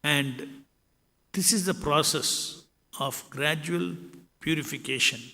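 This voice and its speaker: A man lectures on scripture at a slow, deliberate pace, reciting Sanskrit verses along the way. His voice sits a little high and has a gravelly edge. It rings with the long reverb of a hall. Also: pushed and bright. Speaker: spiritual lecturer.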